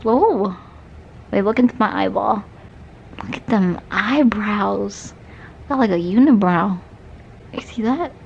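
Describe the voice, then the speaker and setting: A woman's voice: mid-range voice, vocal fry, highs cut off, a little hiss or hum. A young woman chatting casually in a reading vlog from her bedroom, rambling and saying "like" a lot. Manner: chatty, rambling, fills speech with "like". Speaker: book vlogger.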